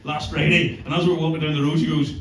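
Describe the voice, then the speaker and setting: A man's voice: fairly high pitch, little pitch movement, fast talker. Foul-mouthed comedian in his forties. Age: 40s. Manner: profane, swaggering storytelling. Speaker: stand-up comedian. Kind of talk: stand-up comedy set. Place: comedy club stage. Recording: roomy club sound, mic from a distance, audience noise.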